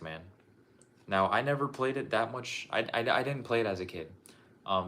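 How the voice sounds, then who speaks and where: A young man talks in a casual, rambling way, dropping curse words and restarting his sentences. His voice sits on the low side. A faint noise hangs behind him in the room. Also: a bit bright. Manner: loose, profane and repetitive, with frequent restarts. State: out of breath. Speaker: streamer showing his game collection. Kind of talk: casual livestream chat.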